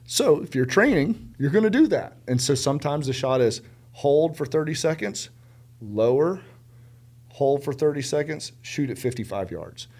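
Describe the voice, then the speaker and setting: A middle-aged man from South Carolina, a podcast guest telling stories in casual conversation, animated and emphatic, acting out the people he quotes. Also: a little high, normal speed. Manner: animated, acts out quoted dialogue; emphatic, repeats words for stress.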